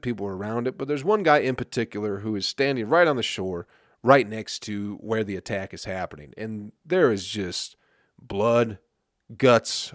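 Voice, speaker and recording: In a dry, studio-quality recording, a lowish-voiced man from Flint, Michigan hosts his comedy podcast. He rants and swears nonstop in a profane monologue, often asking, "you know what I mean, people?"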